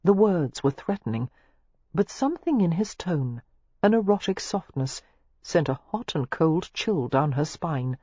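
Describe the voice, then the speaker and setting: An audiobook narrator reads a novel with lively, rising and falling pitch. The voice has a husky edge. The recording is dull and lo-fi, with a close, dry sound. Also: measured pace, dry recording. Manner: expressive, shifting pitch through the narration.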